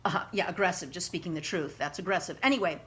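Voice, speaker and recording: A woman's voice: on the low side, fast. A woman activist in casual talk, reading her own letter aloud in a passionate, emphatic way, with frequent fillers and asides. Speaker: animal rights activist vlogger.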